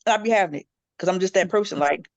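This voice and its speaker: Fast-talking animated woman, dry sound. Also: no room sound, lo-fi sound. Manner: animated storytelling, jumps into high-pitched quoted voices. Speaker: panel guest. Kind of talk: casual chat.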